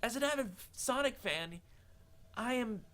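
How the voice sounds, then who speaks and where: A man's voice: extremely high pitch, animated, a little slow, sharp tone. A young man co-hosting a campus TV show, giving an exasperated, indignant rant of a film review full of restarts. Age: young adult.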